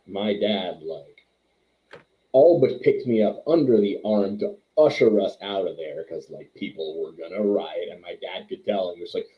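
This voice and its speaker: Low-voiced man on a tinny line. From Quebec, Canada. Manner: chatty, self-deprecating, rambling. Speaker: wrestler and trainer, guest. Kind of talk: casual interview storytelling.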